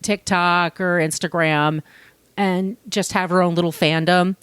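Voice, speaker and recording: A woman co-hosting a podcast, telling a true-crime story in casual, animated chat and swearing now and then. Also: on the low side, measured pace, smooth, no room sound. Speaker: podcast co-host.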